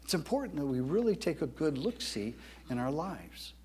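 A man preaching a sermon as a pastor, booming when he quotes scripture and halting with frequent fillers and restarts between points. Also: big pitch swings, darkish tone, husky.

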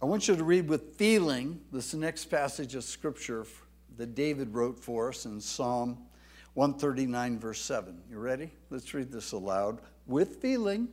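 Lively, slow-preaching man. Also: mid-range voice. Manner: emphatic, rising to loud declarations when quoting scripture. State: tired from little sleep. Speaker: pastor. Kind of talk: sermon.

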